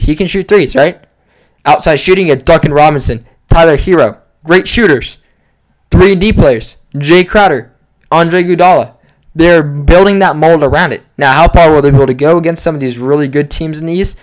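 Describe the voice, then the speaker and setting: Man, young adult, podcast host, casual sports commentary, rambling asides, somewhat high-pitched.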